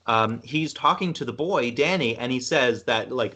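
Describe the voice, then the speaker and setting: A man's voice: mid-range voice, lively intonation, moderate pace, few pauses, pushed and bright. A man from Canada hosting a podcast, rambling through a film retelling in casual chat. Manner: rambling, retells film scenes with acted quotes. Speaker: podcast host.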